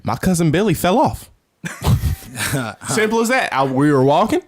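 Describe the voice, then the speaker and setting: A man putting on a comic accent as a high-voiced folksy man telling a tall tale. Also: very animated, normal speed. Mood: comic storytelling. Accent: put-on.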